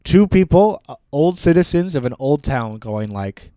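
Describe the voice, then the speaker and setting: A man's voice: a little high, lively intonation, normal speed, dark tone, no room sound. A man co-hosting a casual book discussion podcast, laughing often and reading passages aloud with light character voices. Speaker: podcast co-host.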